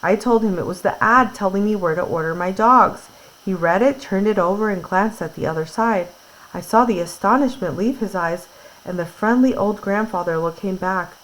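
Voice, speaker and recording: A woman's voice: mid-range voice, normal speed, fairly bright tone, rough recording. Woman teacher, reads a book to her class and chats through it in plain words. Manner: reads aloud, then retells in casual words with fillers. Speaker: teacher reading aloud. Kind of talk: classroom read-aloud with retelling.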